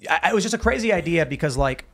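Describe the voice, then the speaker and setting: Higher-voiced male podcast host telling stories. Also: fast. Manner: animated storytelling with many restarts. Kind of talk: casual studio talk show.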